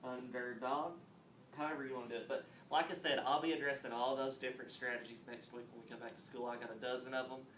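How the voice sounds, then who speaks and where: A man teaching a phonics lesson on video, explaining step by step and clapping out words slowly. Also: medium pitch, level tone, fairly bright tone, slight background noise. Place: classroom. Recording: roomy echo, mic at a distance, faint ambience.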